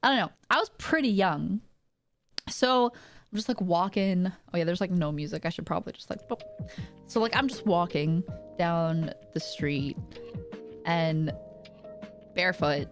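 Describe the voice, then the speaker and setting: A woman's voice: on the low side, lively intonation, a little slow, long pauses, faint music behind. A woman streamer telling stories in casual chat, rambling with lots of fillers and frequent laughter.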